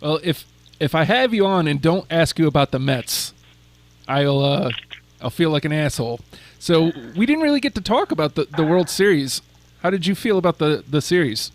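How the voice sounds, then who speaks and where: A man's voice: a little high, lively intonation, moderate pace. A man hosting a casual chat, asking questions in an easygoing way. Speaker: host.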